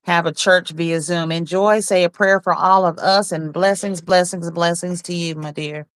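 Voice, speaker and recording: A woman chats casually on a livestream, reading out viewers' comments and teasing them playfully. Her voice sits fairly low, and frequent laughter runs through her talk. The sound is dry and close, with no room echo. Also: steady tone, moderate pace, smooth. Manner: reads chat aloud, laughs often, teasing and playful. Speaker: livestream host.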